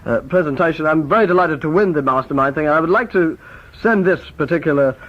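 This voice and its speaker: A man's voice: on the high side, quick pace, pitched below the performer's own voice, natural voice. A man playing a smug male prize winner who mumbles and hesitates. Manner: hesitant, full of ums. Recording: dull lo-fi tape recording.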